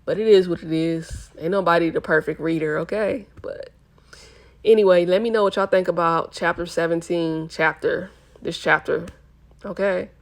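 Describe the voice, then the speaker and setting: Low-voiced woman reading a novel aloud. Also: steady tone, normal speed. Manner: casual, chatty asides. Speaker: book reader, channel host.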